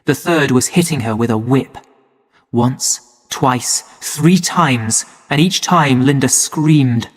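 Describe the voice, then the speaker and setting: A man narrating a story for English learners in a slow, clear and measured way. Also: medium pitch. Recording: long hall reverb.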